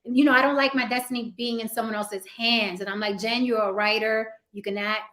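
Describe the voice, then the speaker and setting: A woman with a bright, rather high voice hosts a casual interview. She talks candidly and expressively and laughs often. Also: steady tone, brisk. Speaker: show host.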